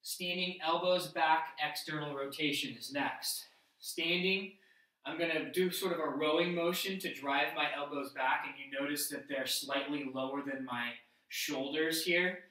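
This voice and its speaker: A man's voice: a little high, fairly even intonation, unhurried, pushed and bright. Man explaining exercises in an echoey room. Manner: talks while demonstrating moves, explaining step by step. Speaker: fitness instructor. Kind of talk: instructional workout demo. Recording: very echoey room, mic at a distance.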